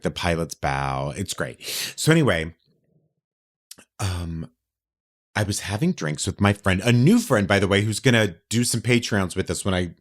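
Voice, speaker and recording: A man co-hosting a podcast, chatting casually and telling stories in an animated, theatrical way. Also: deep voice. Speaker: podcast co-host. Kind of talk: casual chat.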